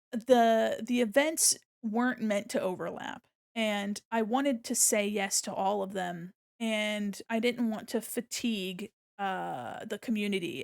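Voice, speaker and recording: A young adult woman hosting a charity live stream, gushing and excitable, often laughing as she thanks donors. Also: mid-range voice, a little slow, gravelly. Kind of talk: casual live-stream chat.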